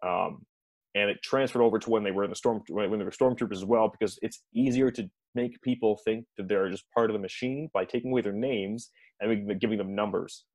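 A man's voice: on the low side, brisk, darkish tone, dry recording. Rambling man recapping a show, dry mic. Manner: rambling, chuckles often, many fillers and restarts. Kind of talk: casual episode recap chat.

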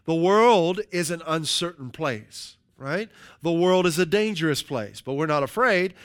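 A male pastor delivers a sermon with a fairly high-pitched voice. He speaks emphatically, drawing out quoted verses slowly for weight and checking in with the congregation with a frequent "right?". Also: lively intonation, fairly bright tone. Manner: emphatic, slows for scripture quotes, asks "right?" often.

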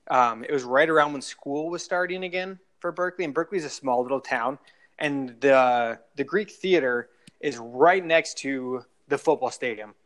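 A man in early adulthood tells a long concert story in a casual podcast chat. His voice sits a touch high and he rambles, with plenty of "like" and "uh" and frequent restarts as he goes. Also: a bit bright. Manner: rambling, many fillers and restarts. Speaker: guest storyteller.

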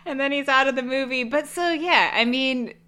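A woman's voice: sits high, moderate pace, bright, forceful tone, clear, resonant tone. A woman co-hosting a podcast, recapping a movie in sardonic, swearing casual chat and laughing often. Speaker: podcast co-host.

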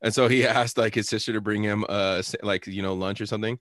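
A man's voice: fairly low pitch, fairly even intonation, fast talker, fairly bright tone, no echo, clean studio sound. A young man telling stories in casual chat, laid-back, laughing and swearing.

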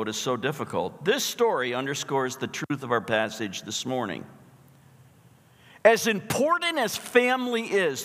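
A middle-aged male pastor preaching a sermon, telling a story in an emphatic, animated way. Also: medium pitch, in a large hall.

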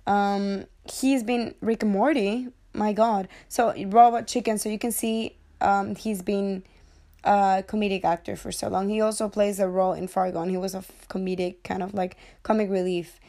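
A woman talking loosely about films she watched, in a casual, joking way. Her pitch sits in the middle for a woman. She swears freely and keeps drifting onto tangents before pulling herself back. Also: level tone, normal speed, dark tone. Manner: rambling, jokey, swears freely, goes off on tangents. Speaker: movie review vlogger. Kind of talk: casual movie chat.

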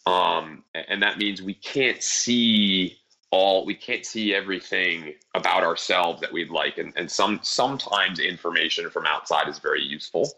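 A man's voice: low-pitched, moderate pace, gravelly, pushed and bright. A man from central New Jersey, a guest on a talk show, telling a personal story in an earnest, reflective way and chuckling now and then. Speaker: podcast guest.

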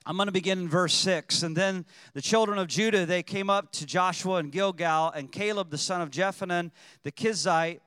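High bright-voiced preaching man. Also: moderate pace, smooth, no room sound, in a large hall. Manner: preaching with surges to shouting emphasis. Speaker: pastor. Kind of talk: sermon.

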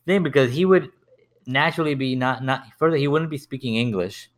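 A man chatting casually, circling his points with stops and restarts. His voice sits in an ordinary middle pitch. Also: brisk. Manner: rambling, full of restarts and repeated words. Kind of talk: casual chat.

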